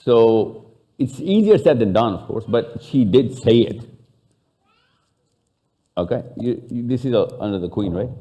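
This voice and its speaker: A man with a Pakistani accent leads a live session, bantering and questioning people in the room. His voice is mellow and mid-pitched, and he slips into Urdu and Hindi between English lines. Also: expressive, measured pace, long pauses. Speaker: speaker. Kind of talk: live talk to an audience.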